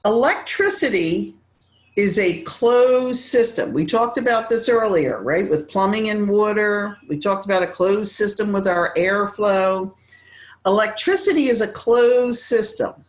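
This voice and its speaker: A woman giving a real estate training lecture, animated and acting out quick bits of dialogue. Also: medium pitch, echoey room. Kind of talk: classroom lecture.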